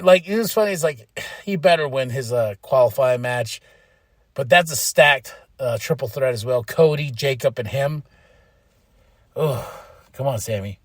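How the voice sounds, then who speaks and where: A man hosting a podcast, giving a casual, rambling recap of a show with frequent laughs and excited bursts. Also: on the high side, no room sound, clean studio sound. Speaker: podcast host.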